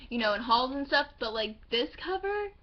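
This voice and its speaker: In a casual home vlog, a young woman gushes about her new books, her high voice bubbling with excitement at a moderate pace. As a book vlogger chatting through her haul, she rambles happily and swears now and then, and the recording sounds slightly dull and lo-fi.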